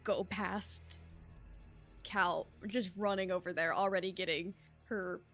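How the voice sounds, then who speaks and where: A woman's voice: fairly low pitch, fairly even intonation, slow pace, a bit bright, soft background music. A woman player in a tabletop game, talking casually and giggly, muttering her rolls under her breath.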